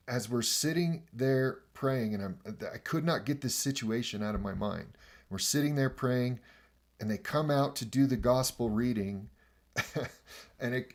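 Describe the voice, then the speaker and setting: A man casually recounting a personal story, acting out quoted dialogue and chuckling as he goes. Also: mid-range voice. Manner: animated, acts out quoted dialogue, chuckles mid-sentence; frequent fillers and restarts, conversational. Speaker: podcast host recounting a pilgrimage.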